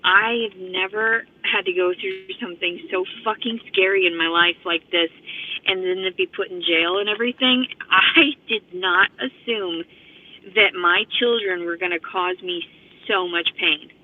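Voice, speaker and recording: A woman's voice: on the low side, moderate pace, slight background noise. Woman vlogger, profane rambling rant, slightly out of breath, thin phone-line audio. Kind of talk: rambling monologue to camera. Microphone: phone camera.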